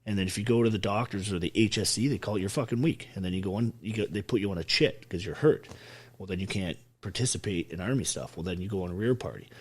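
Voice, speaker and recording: A man's voice: fairly low pitch, fast talker, husky. A man from Ontario, an army veteran telling his story as a podcast guest, blunt and emphatic with constant swearing. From Ontario, Canada. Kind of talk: casual interview storytelling.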